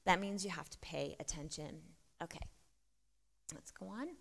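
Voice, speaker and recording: A woman's voice: lowish voice, moderate pace, vocal fry. A woman giving a conversational church conference talk, often asking the audience questions. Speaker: conference speaker. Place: church hall. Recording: long reverb of a church hall.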